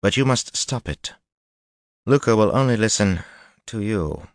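A man's voice: lowish voice, lively intonation, a little slow, no room sound, studio quality, pitched above the performer's own voice. A man voicing a haughty, displeased sorceress woman who speaks coolly and gives orders in an audiobook. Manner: cool and clipped, commanding.

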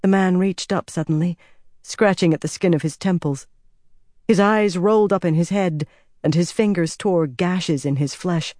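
Dry, measured audiobook narrator. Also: medium pitch, darkish tone, no room sound. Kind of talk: scripted fantasy audiobook narration.

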